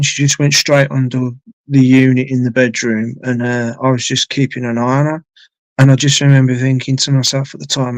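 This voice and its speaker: Male streamer, mid-pitched, chatty storyteller who swears and repeats himself, dry recording. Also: no room sound, rough recording. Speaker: live streamer. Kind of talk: casual storytelling.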